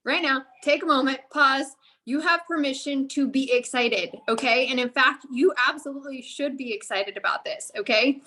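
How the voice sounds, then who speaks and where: Upbeat female motivational speaker, high voice, slightly winded, coaching tone, peppered with "okay?". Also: moderate pace, sharp tone. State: out of breath. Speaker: guest speaker on a sales team call. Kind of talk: energetic motivational talk.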